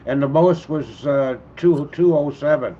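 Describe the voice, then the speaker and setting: A man's voice: fairly high pitch, a little slow, mellow, dull audio, slight background noise. A man chatting casually about a record he found, in a rambling, laid-back way. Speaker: guest record collector. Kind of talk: casual chat over a call.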